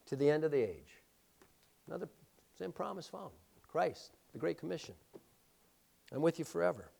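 A middle-aged man preaching a sermon, swinging between loud, emphatic declarations and quiet, hushed storytelling. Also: fairly high pitch, lively intonation, a little fast, creaky, long pauses. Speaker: pastor.

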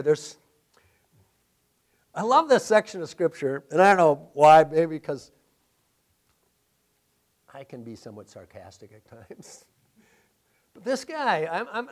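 A male pastor preaching a sermon, animated, with sarcastic asides and laughter. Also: a little high, moderate pace, long pauses.

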